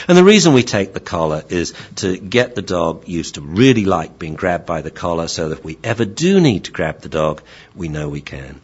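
A radio host, a man who trains dogs, talks in an animated way and acts out little scenes as he explains. His pitch swoops widely and his voice has a slight huskiness. The sound is dull and lo-fi. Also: brisk, husky. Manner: animated, explains with acted-out examples. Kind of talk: radio show talk.

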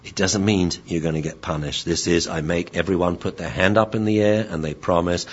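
A man's voice: sits low, fairly quick, hardly any pauses, slightly rough, dull audio. A man lecturing as a dog trainer in a chatty, playful way, with many fillers. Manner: animated, chatty, playful, many fillers, laughs, mimics voices. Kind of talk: informal lecture.

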